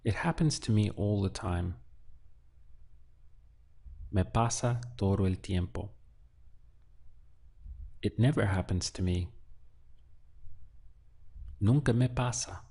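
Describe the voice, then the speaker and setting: A man teaching a language lesson, slow and patient, quizzing the listener with prompts. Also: on the low side, dark tone. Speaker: Spanish teacher.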